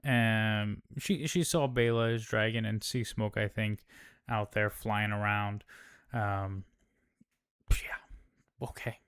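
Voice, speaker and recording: Man, casual recap host, rambling, swearing, smooth resonant voice. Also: fairly low pitch, steady tone, takes it slowly, pauses often, fairly bright tone. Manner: rambling, profane, many fillers.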